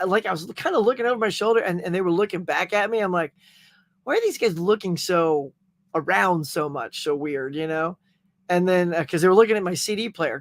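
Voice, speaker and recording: A middle-aged man hosting a casual livestream chat, telling animated stories and reading out viewer comments. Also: sits high, no room sound. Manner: animated storytelling, acting out quotes. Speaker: livestream host.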